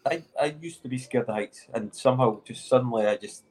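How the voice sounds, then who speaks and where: A man's voice: mid-range voice, darkish tone. A Scottish man, a podcast host, bantering and joking in casual chat. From Scotland. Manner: joking, banter-heavy, drawn-out mock sighs.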